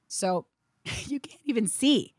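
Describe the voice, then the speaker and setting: A middle-aged woman, a comedian guest, telling animated stories in casual chat, acting out quotes and swearing freely. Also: a little high, takes it slowly, no room sound, studio quality. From USA.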